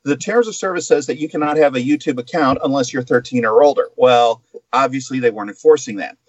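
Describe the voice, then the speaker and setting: A man co-hosting a chatty podcast, walking through a news story with plenty of asides. His voice sits at a middle pitch, recorded dry and close on a slightly muffled mic. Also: fast, no room sound. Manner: explanatory, with asides and filler. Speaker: guest co-host. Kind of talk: casual podcast chat.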